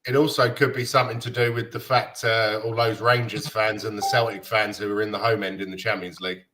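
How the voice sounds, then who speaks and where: A man's voice: fairly low pitch, little pitch movement, fairly quick, sharp tone, slight background noise. A man hosting a casual football chat, talking in a rambling way with frequent fillers and hesitations.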